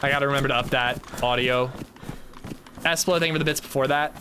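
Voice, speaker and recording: A man's voice: medium pitch, steady tone, quick pace, background noise. An American man streaming a game, chatting and joking as he answers his chat. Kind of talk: casual gaming livestream chat.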